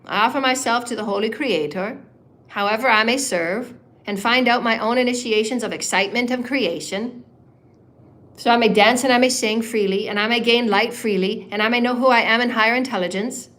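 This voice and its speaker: This is a woman whose voice sits on the high side and sounds a bit bright. She's a spiritual healer running a live guided meditation, alternating soothing, slow guidance with rapid chanted syllables in a steady rhythm.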